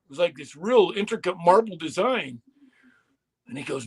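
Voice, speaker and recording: High-voiced guy on a wrestling podcast, cussing a lot, spinning a wild story. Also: moderate pace, slightly rough. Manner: profane, animated storytelling, quoting others.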